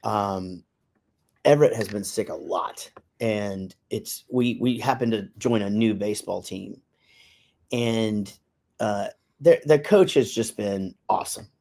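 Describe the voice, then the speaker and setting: A man's voice: on the low side, slow, gravelly, a little mellow. Middle-aged guy rambling on a podcast, loose and easygoing, drops a swear here and there. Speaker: podcast co-host. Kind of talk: casual chat.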